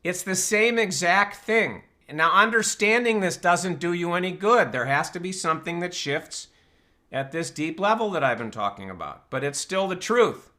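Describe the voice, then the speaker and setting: The man's voice sits on the high side and comes across pushed and bright. As host and personal-growth teacher on a live online Q&A, he talks casually and makes his points with rhetorical questions.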